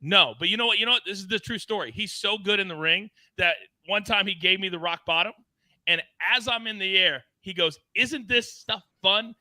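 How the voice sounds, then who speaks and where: A man hosting a sports betting show, animated and teasing his co-hosts as he tells stories. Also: sits high, brisk, no echo. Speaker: host.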